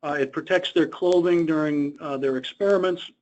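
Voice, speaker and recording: Man, webinar lecture, high voice, conversational, anecdotal, dull lo-fi audio. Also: normal speed, a little mellow. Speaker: presenter on government contract costs.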